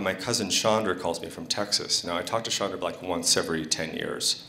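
A man's voice: low voice, fairly even intonation, moderate pace, hardly any pauses, sharp tone, slight background noise. A man candidly telling a rambling personal story on stage at a live storytelling event, with many fillers and restarts.

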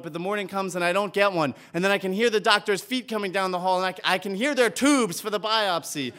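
A man with a fairly high voice tells a personal story on stage. He speaks earnestly and with animation, and the audience laughs along. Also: brisk, few pauses, sharp tone. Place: stage before a live audience.

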